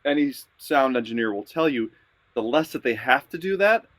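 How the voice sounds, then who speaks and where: A man with a mid-range voice co-hosts a reaction chat. He explains audio compression in a relaxed, casual way. His voice sounds dry and close. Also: medium pitch, brisk, no echo. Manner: relaxed, explanatory, adds short agreements. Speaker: co-host.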